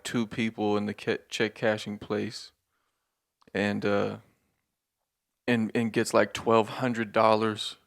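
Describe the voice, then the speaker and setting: A hungover-sounding podcast host with a lowish, vocal-fried voice launches into a casual monologue rant. He rambles and swears, piles on filler words, and laughs between his points.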